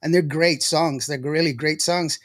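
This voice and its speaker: A man's voice: on the high side, steady tone, normal speed. A man hosting a casual show, chatty and laughing often as he tells stories. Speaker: show host. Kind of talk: casual livestream chat.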